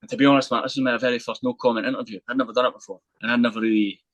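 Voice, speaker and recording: A man, a podcast guest telling a lively anecdote in casual chat, swearing freely and acting out the voices of the people in his story. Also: medium pitch, racing, lo-fi sound, a little hiss or hum.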